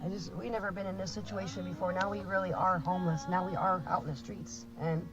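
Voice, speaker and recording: A woman's voice: on the low side, fairly even intonation, fast, few pauses. Crying middle-aged woman, distressed and shaky. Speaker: mother in a livestream clip. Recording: muffled distant clip with music.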